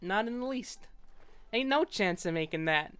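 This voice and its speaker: A woman's voice: medium pitch, animated, normal speed, smooth, natural voice. A woman voicing a wisecracking alligator with a New York accent and tough-guy street talk. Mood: scoffing.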